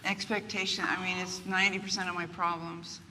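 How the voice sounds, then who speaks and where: Her voice sits on the low side and moves briskly, with a little hiss or hum underneath. This older woman, a guest author, animatedly shares self-deprecating stories and acts out quotes in a candid interview before a group, recorded in a distant, echoey room with faint ambience.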